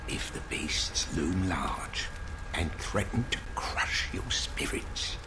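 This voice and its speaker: An actor playing a weary old male hunter mentor, speaking in a hushed, half-whispered, ominous way. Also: low-pitched, lively intonation, music in the background. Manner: slow, ominous, measured. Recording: game audio with ambient noise.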